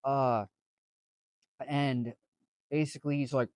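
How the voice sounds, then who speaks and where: Slow, rambling young man telling a story. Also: medium pitch, steady tone, a little mellow, no echo. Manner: rambling, filler-heavy with frequent restarts. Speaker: vlogger. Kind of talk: casual storytelling.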